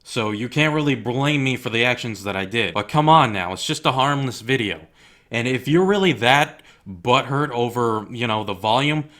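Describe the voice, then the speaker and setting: A young man delivers a heated rant straight to his audience. He is blunt and profane, with a mid-pitched voice that keeps pressing forward. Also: animated, moderate pace, fairly bright tone. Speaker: YouTuber. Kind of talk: angry rant to camera.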